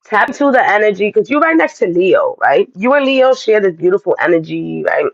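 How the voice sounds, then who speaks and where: A man's voice: high voice, sing-song, a little fast, creaky, no room sound, dull audio. A man giving a casual astrology and tarot reading, talking straight to his viewers in a chatty, direct way.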